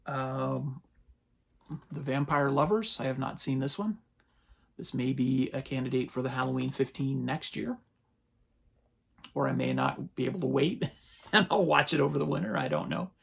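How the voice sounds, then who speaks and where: A man, casually running through his latest movie purchases as a channel host, relaxed and rambling. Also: mid-range voice, moderate pace, vocal fry, long pauses, a little hiss or hum. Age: 50s. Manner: relaxed, rambling, chuckles often. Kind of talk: casual haul rundown.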